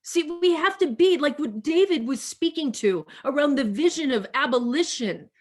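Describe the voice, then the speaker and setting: A woman pastor preaching a sermon over a video call, deliberate and repetitive, drawing out her key phrases for emphasis. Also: sits high, lively intonation, darkish tone.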